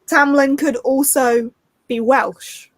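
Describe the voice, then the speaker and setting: A woman's voice: sits high, fairly even intonation, slow pace, no room sound. A young woman chatting casually in a dry, teasing way on a reading stream. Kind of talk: casual chat.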